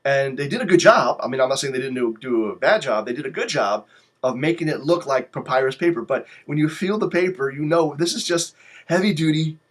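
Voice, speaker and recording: Man, higher voice, casual storytelling, rambling, profane, animated. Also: fairly quick. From lives in Poland. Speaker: vlogger.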